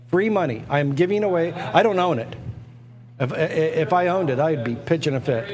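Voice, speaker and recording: A man's voice: on the high side, normal speed, a little mellow. A man hosting a live online auction, talking at a computer in repetitive, pushy salesman patter with stammered restarts. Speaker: auctioneer and livestream host. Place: indoors at a computer.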